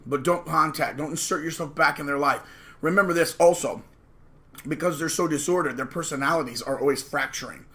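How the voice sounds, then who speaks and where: A man's voice: fairly high pitch, pushed and bright. A man hosting his own channel, talking straight to the camera in an emphatic, sarcastic rant and acting out the voices he quotes. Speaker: channel host. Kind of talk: ranting monologue to camera.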